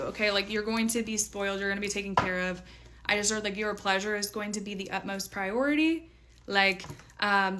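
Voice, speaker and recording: Woman doing a chatty tarot reading, lots of likes and giggles, mid pitch, bit of background hiss. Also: fairly bright tone. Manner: chatty, filler-heavy, playful. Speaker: tarot reader. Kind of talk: casual tarot reading to viewers.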